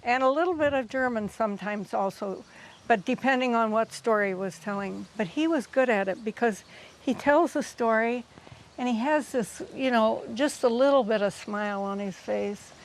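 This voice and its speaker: A woman's voice: on the high side, normal speed, slight background noise. An older woman reminiscing fondly in a documentary interview.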